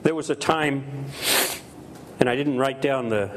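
A middle-aged pastor preaches a sermon with emphasis, repeating key phrases and acting out quoted voices. His voice is medium-pitched and measured, with a little hiss or hum in the recording.

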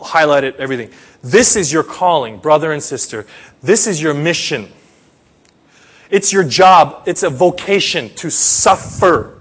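A man in middle age preaches with an earnest, personal tone. His voice sits a little high and has a husky, breathy grain. He sinks into quiet, almost murmured phrases and then rises into emphatic stresses. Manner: earnest, swings between soft murmurs and emphatic lifts. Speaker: pastor. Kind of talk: sermon.

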